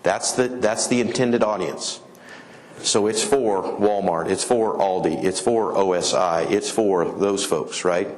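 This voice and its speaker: A middle-aged man from Colorado giving a conference talk, an animated storyteller who acts out the people he quotes. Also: low voice, unhurried. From Colorado, USA. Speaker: conference speaker. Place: conference hall.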